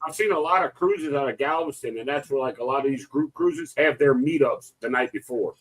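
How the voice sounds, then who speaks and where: A man co-hosting a live cruise chat, telling a funny story in an animated, excitable way. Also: medium pitch, a little fast, a crowd in the background, rough recording. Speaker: podcast co-host.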